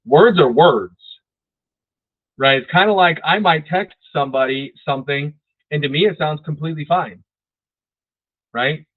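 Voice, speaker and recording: A man's voice: on the high side, unhurried, long pauses. A man giving a casual real estate sales training, often repeating words and checking in with "right?". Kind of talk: training talk. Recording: dry, phone-like lo-fi audio.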